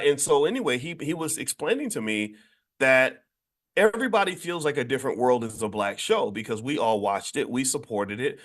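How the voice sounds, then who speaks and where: Man, host, casual monologue, emphatic, animated, keeps restarting sentences. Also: medium pitch. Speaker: host of a daily morning show.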